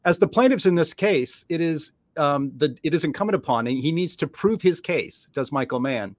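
A man hosting a talk show, chatty and amused, moving through his points at a measured pace. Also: fairly high pitch, lively intonation, dry recording. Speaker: show host. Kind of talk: casual discussion.

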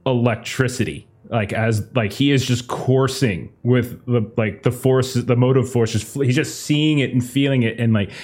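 A man's voice: mid-range voice, fairly even intonation, moderate pace, few pauses, darkish tone. A man playing a tabletop game who rambles while describing his character's actions. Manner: rambling, many fillers and restarts. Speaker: player. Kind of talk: tabletop game play and narration.

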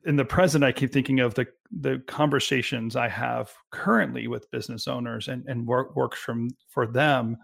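A man's voice: mid-range voice, steady tone, normal speed, creaky, hardly any pauses, a bit bright, breathy edge. A man co-hosting a business podcast, talking casually and stopping to restart his sentences often. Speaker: podcast co-host.

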